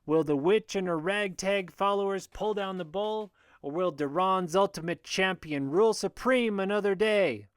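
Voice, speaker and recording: A booming arena announcer in a fantasy audiobook, loud and showy as he whips up the crowd, put on by a male narrator. The voice sits well above the narrator's own and sounds smooth and crisp, close and dry. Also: normal speed, hardly any pauses, no room sound, close to an everyday voice. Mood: hyped. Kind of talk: audiobook character voice.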